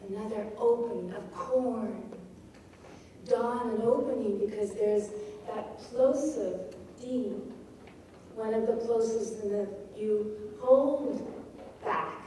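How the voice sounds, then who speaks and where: A woman's voice: fairly high pitch, warm tone, recorded from a distance, a little hiss or hum. Woman lecturing in an echoey hall. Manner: slow, reads lines aloud and taps out rhythms. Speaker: poetry lecturer. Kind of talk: festival lecture on poetry.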